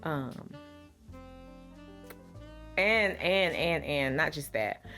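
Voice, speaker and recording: A middle-aged lifestyle vlogger tells viewers a story in a casual vlog, her low voice animated and sharp, stretching out words over soft background music. Shaken, her voice trembling, she tells it dramatically and keeps repeating phrases.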